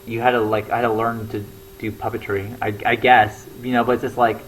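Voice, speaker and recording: A man's voice: medium pitch, flat delivery, a little fast, a little hiss or hum, rough recording. A young man talking casually to camera, rambling with lots of fillers and restarts. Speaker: comedy show regular.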